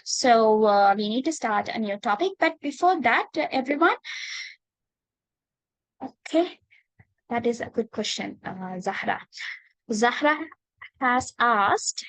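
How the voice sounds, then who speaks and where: A woman with a Sri Lankan accent teaching English in an online class. She is patient, calls students darling and dear, and pauses often with "uh". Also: a little high, expressive, dry recording, poor audio. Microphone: video call.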